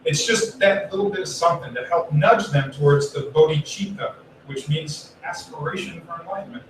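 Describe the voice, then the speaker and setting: A man giving a relaxed, conversational Buddhist sermon, telling a story and acting out the people in it. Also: a little high, moderate pace. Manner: chatty, acts out quoted voices, swears casually. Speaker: Buddhist minister. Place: temple hall. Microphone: distant room mic. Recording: very echoey hall, from far off, faint room noise.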